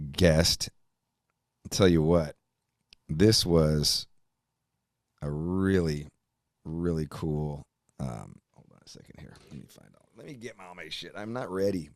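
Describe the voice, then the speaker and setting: A middle-aged man hosting a podcast, rambling through a profane, animated monologue. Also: rumbling low, unhurried, long pauses, dry recording, studio quality. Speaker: podcast host. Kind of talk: casual chat.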